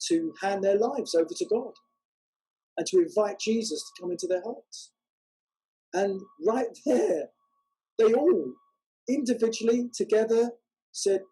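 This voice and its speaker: A man telling a testimony story as a guest, unhurried and halting with many fillers. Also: high voice, dark tone, slightly rough, rough recording. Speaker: guest, walking evangelist.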